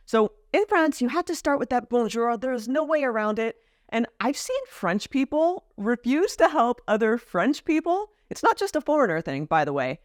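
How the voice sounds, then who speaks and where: A woman's voice: mid-range voice, no room sound. Chatty woman, dry close sound. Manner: chatty, acts out short example lines. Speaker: vlogger explaining French etiquette. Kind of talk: casual explainer to camera.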